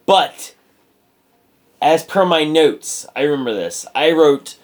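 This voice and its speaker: A man's voice: a little high, lively intonation, slow pace. A man co-hosting a podcast, chatting casually and enthusiastically, with frequent exclamations. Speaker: podcast co-host. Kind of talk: casual chat.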